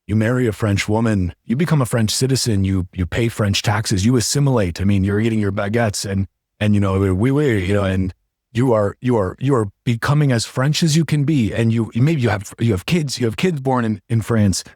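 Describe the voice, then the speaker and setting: Husky-voiced man hosting a casual podcast. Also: fairly low pitch, fairly quick, dry recording, clean studio sound. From United States. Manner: rambling, animated storytelling with many restarts. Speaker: podcast host. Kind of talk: casual conversation.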